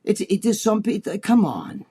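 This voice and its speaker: A man's voice: sits high, wildly swooping pitch, normal speed, dark tone, breathy edge. A man co-hosting a podcast, talking bluntly and crudely, acting out other people's voices as he tells stories. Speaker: podcast co-host. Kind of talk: casual profane chat.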